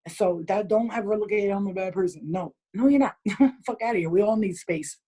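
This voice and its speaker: A woman's voice: mid-range voice, brisk, dark tone, slightly rough, rough recording. A woman hosting a group video call, giving blunt advice in casual chat, swearing freely and laughing often.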